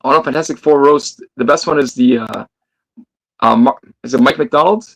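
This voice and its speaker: A man chatting casually as a guest on a live stream, relaxed and talkative. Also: mid-range voice, moderate pace, low-quality recording. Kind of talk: casual livestream chat.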